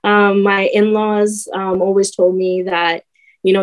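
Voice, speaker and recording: A woman's voice: medium pitch, level tone, a little slow, low-quality recording. A young woman telling her own story as a podcast guest, hesitant, with many fillers and restarts. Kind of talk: personal story in a podcast conversation.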